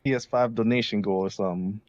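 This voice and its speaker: A man giving the host relaxed advice during a casual livestream. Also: lowish voice, fast talker, dry recording, dull audio.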